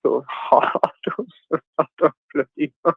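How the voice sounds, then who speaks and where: A man's voice: on the high side, fairly even intonation, a little fast, gravelly, breathy edge, no room sound. A man chatting casually on a livestream, joking crudely, laughing often and stumbling over fillers. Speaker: guest on a livestream chat. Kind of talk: casual banter. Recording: tinny phone-like video call audio, dry.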